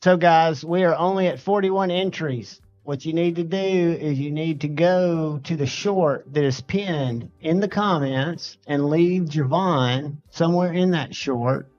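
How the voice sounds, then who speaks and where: A man hosts a casual livestream chat and announces things briskly. His voice sits a little high. The audio is dull and lo-fi, like an online call. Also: darkish tone, soft background music. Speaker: host running a giveaway.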